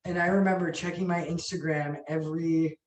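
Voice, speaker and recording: Woman, restaurant owner, casual storytelling, animated, sweary, echoey room, distant mic. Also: sits low, a little fast. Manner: animated, swears freely, acts out quotes. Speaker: restaurant owner and sandwich chef.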